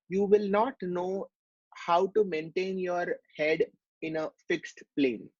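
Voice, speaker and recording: A man's voice: a little high, slightly rough, no echo, dull audio. A man giving a medical lecture, explaining step by step and asking rhetorical questions.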